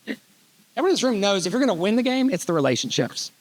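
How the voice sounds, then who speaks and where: A middle-aged man giving an animated storytelling keynote on a conference stage, joking as he goes. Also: high-pitched, fast talker. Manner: animated, reads letters aloud, jokey asides. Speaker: keynote speaker.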